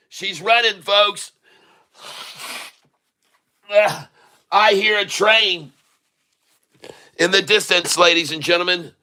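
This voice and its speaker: A middle-aged American man hosting a live trading stream, his voice very bright and a touch high. He talks in an unhurried, folksy way, calling his viewers "folks" and cheering his trades on with excitable energy. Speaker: day-trading livestream host.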